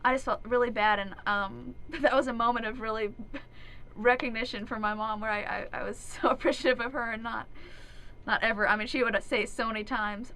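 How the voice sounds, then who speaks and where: Bright, giggly young woman. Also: a little high, steady tone, fairly quick, rough recording. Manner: chatty, giggly, earnest. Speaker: actress and singer, guest. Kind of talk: casual radio interview. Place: radio station studio. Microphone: studio microphone.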